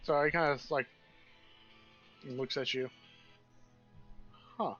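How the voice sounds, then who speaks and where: A man voicing an excitable young royal third heir who rambles and corrects himself mid-sentence. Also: medium pitch, slow, muffled recording, soft background music. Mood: thoughtful.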